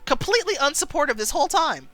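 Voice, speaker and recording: A woman's voice: high-pitched, very animated, fast talker, sharp tone, soft background music. A woman streamer reading a story game aloud, chatty and sarcastic in her asides.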